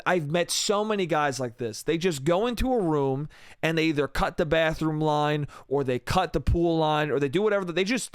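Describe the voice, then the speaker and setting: A man hosting a comedy podcast, telling a story in an animated, heavily profane rant. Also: a little high, dry recording, studio quality. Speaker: podcast host.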